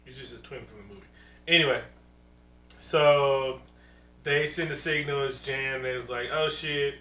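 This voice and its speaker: Animated, profane man in a roomy room. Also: mid-range voice, normal speed. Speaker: podcast co-host. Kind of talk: casual chat. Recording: roomy, distant mic, faint hum.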